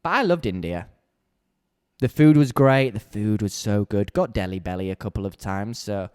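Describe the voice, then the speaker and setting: A man's voice: on the low side, lively intonation, a little slow, clean tone. A young man hosting a solo podcast, talking bluntly and candidly from a small home podcast corner. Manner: blunt, candid, heated when ranting. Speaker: podcast host.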